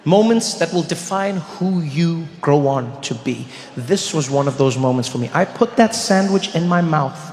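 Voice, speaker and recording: A man doing stand-up comedy, telling stories with animation and bursting into loud shouts. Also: on the high side, lively intonation, normal speed, hardly any pauses. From South Africa. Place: large theater stage. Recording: reverberant hall, faint noise.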